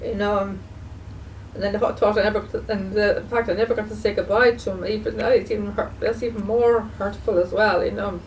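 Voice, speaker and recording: A woman's voice: mid-range voice, steady tone, a little hiss or hum. Grieving woman vlogging, stumbles and repeats herself a lot, sounds a bit far from the mic. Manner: halting, repetitive, many fillers and restarts. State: emotional, grieving. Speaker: video blogger. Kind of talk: casual spoken remembrance.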